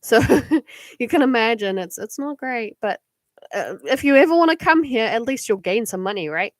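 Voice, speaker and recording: A woman's voice: a little high, animated, normal speed, no room sound, studio quality. Chatty New Zealand woman on a livestream. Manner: rambling, many "like" and "um" fillers, giggly. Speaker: livestream card reader. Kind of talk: casual live-stream chat. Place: home at night.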